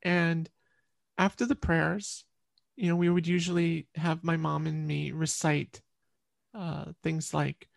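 Woman guest, earnest storytelling, repeats herself, gravelly voice, dry close sound. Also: low voice, level tone, slow pace, no echo. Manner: earnest, repeats words while recalling. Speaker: interview guest. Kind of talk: personal storytelling in conversation.

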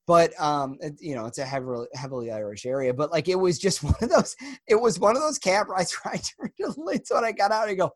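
A man's voice: a little high, lively intonation, fast talker, no room sound, studio quality. A man co-hosting a podcast, telling stories animatedly and quoting lines with laughter. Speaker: podcast co-host. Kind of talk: casual chat.

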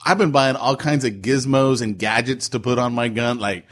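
Man, 30s, podcast co-host, husky voice, casual banter, animated storytelling. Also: moderate pace. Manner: jokey storytelling, voices quotes with big pitch jumps.

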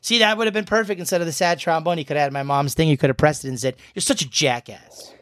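A man's voice: on the high side, lively intonation, very fast, fairly bright tone, no room sound, clean studio sound. A man hosting a casual podcast chat, joking, swearing and teasing his friends. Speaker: podcast host.

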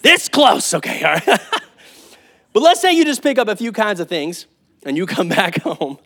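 A man preaching a sermon as pastor, telling a lively story with asides. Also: high-pitched, unhurried.

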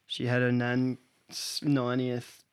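A man's voice: medium pitch, completely flat delivery, takes it slowly, smooth. Teasing young Australian man. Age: young adult. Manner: teasing, short interjections. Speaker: podcast co-host. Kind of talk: casual chat.

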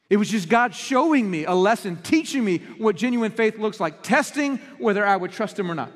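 A man's voice: high-pitched, expressive, fairly quick, few pauses, in a large hall. A man preaching a sermon as pastor, talking earnestly to his congregation and asking rhetorical questions. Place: church auditorium.

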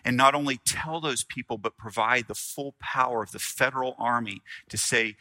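A male pastor preaching a sermon, earnest, with dramatic pauses, swinging from loud to hushed. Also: mid-range voice, dry recording.

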